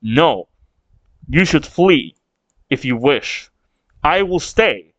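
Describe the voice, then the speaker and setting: A man voicing a stubborn old male giant chief in a lowered, steady voice, read aloud from a manga. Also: drawn-out words, no room sound, muffled recording, heavily acted. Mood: resolute.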